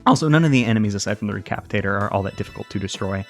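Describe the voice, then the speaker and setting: A man's voice: fairly low pitch, expressive, very fast. Young man, let's play commentary, rambling, jokey, self-correcting, faint music behind. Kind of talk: casual gameplay commentary.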